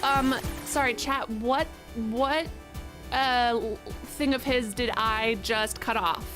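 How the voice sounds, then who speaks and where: A woman's voice: a little high, steady tone, slow, over music. A young woman live-streaming a game, reacting casually with jokes, swearing and playful baby talk.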